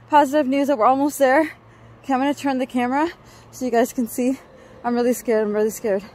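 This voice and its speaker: A woman vlogging outdoors on a mountain trail into a handheld camera, tired and out of breath, often exclaiming in a nervous, breathy way. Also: fairly high pitch, background noise. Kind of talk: casual vlog narration while hiking.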